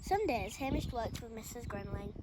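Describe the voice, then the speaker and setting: A woman's voice: on the high side, moderate pace. Woman reading a picture book. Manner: expressive, lively storytelling. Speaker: storybook reader. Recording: loud background noise.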